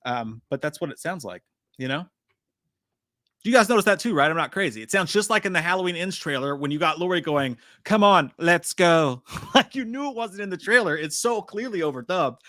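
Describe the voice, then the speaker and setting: A man's voice: on the high side, sing-song, a little fast, bright, forceful tone, dry recording, clean studio sound. A man hosting a live trailer breakdown, rambling casually, swearing freely and reading out chat comments. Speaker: live-stream host.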